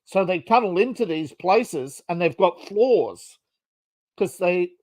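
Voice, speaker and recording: A man's voice: sits high, lively intonation, takes it slowly, darkish tone, dry recording. A man co-hosting a casual podcast, rambling through a theory with many fillers and restarts. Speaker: podcast co-host.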